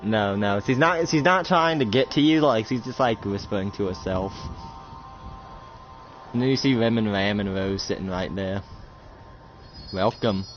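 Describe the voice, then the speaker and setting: A man's voice: on the low side, normal speed, faint music behind. A man narrating a casual role-play story as game master, rambling with many restarts. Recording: muffled lo-fi, loud noise.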